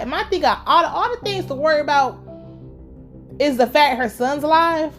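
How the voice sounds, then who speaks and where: A young woman with a voice pitched a little high tears through a TV episode recap in loose, slangy talk. She swears freely and rants hard at the characters. Soft music plays faintly under her voice. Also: moderate pace. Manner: profane, slangy, fired-up ranting. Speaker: TV show reviewer.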